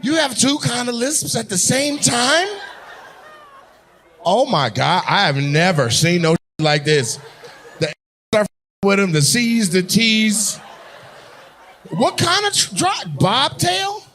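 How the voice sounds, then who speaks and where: A male comedian works the crowd from the stage, roasting audience members in loud, mocking banter. His voice sits high and swings widely, with a bright, sharp edge. He takes his time between jabs. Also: animated, slow pace, long pauses. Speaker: stand-up comedian. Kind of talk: live crowd work. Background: audience laughter.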